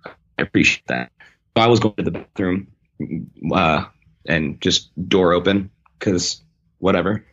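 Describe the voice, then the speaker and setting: Low-voiced man telling a rambling story. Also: unhurried, dull audio. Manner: rambling, self-correcting, animated when quoting. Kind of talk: casual anecdote.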